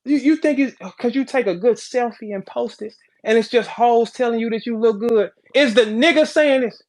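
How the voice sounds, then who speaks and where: A man hosting a podcast, ranting in a brash, profane, animated way, jumping between loud outbursts and low asides. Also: moderate pace. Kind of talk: casual podcast rant.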